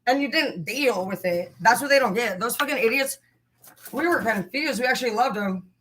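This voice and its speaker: Bright, profane woman ranting on a livestream. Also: a little high, animated, normal speed, a little hiss or hum, rough recording. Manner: profane, heated, rambling. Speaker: livestream host. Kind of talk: casual livestream rant.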